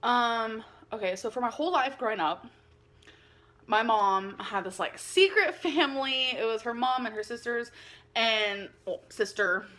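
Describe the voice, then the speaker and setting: A woman with a bright, sharp and fairly high voice talks straight to her viewers in a casual vlog. She rambles, giggles often and leans on "like" between thoughts. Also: a little slow. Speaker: vlogger. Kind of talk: casual confessional vlog talk.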